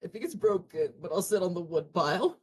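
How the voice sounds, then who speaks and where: A woman's voice: on the low side, a little fast, slightly rough. A woman player at a tabletop game, chatting casually and teasing herself. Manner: animated, self-mocking. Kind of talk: casual chat.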